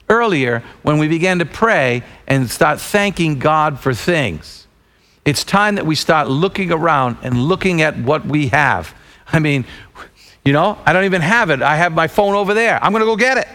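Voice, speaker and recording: A man preaching a sermon as pastor, emphatic and building up to shouted calls to action. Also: on the high side, lively intonation, moderate pace. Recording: long reverb of a large hall.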